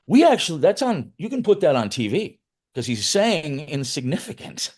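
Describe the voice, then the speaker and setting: A man's voice: fairly low pitch, a little mellow. A middle-aged man, a film writer-director, telling loose, profane anecdotes in a casual interview, with frequent restarts.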